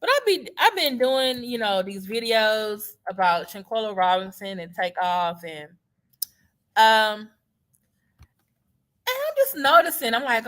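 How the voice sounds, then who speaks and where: A woman with a Texas Southern drawl chats loosely on a livestream, her tone bright and sharp. She jumps between tangents and lands sarcastic asides with a teacher's ease. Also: on the high side, measured pace, pauses often. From Houston, Texas. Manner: animated, sarcastic, digressive. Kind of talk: casual livestream commentary.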